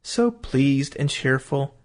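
A man voicing a cheerful, unsuspecting father, talking in a bright, pleased way. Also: medium pitch, animated, takes it slowly.

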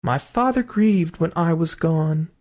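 A man's voice: a little high, unhurried, a little mellow, voice pushed up, natural voice. A man chanting as an eerie magic songbird. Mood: eerie singsong. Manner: lilting sung chant. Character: magic singing bird, a murdered boy reborn.

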